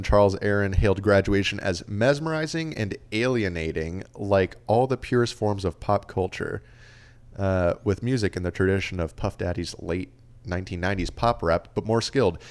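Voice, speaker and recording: A man co-hosting a casual podcast, his voice sitting on the low side. He chats loosely and reads out facts and review quotes. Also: normal speed, smooth. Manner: chatty, reads out stats and quotes. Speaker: podcast co-host. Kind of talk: casual chat.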